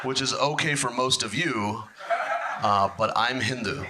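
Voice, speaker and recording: A man doing stand-up, self-deprecating, with quick punchlines. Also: medium pitch. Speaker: stand-up comedian. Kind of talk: stand-up routine. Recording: loud audience noise.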